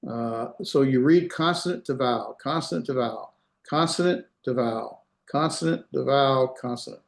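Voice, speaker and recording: Male instructor at mid pitch, patient and repetitive, heard over a video call with room echo. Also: moderate pace, gravelly. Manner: patient, explains step by step, repeats words for pronunciation. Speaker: Hebrew instructor. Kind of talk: online lecture.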